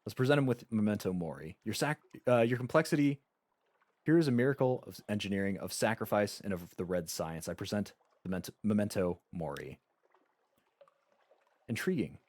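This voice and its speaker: A man's voice: fairly low pitch, animated, normal speed, darkish tone, no echo. A man streaming a game live, reading its story text aloud and chatting casually with frequent stammered restarts.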